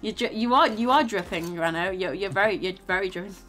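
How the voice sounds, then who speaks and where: A tired, low-energy woman streaming a game and chatting casually, rambling and repeating herself as she restarts sentences. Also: fast talker, fairly bright tone, soft background music. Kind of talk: casual gaming stream chat.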